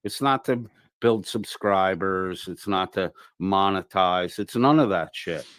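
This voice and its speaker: A man's voice: sits low, unhurried, fairly bright tone, clean tone, no echo. A man on a stream explaining plainly what a project is for. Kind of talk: casual explanation.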